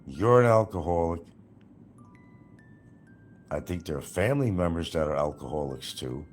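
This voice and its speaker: Deep-voiced male streamer, scornful and profane, laughing at his target, faint music behind. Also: expressive, normal speed, darkish tone. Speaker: livestreamer. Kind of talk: livestream rant.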